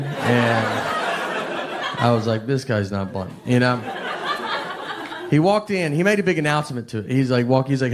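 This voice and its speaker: A man from Tennessee with a Southern accent, doing a slow, deadpan stand-up routine. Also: medium pitch, noisy background. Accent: Southern American. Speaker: stand-up comedian. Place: comedy club stage with laughing audience.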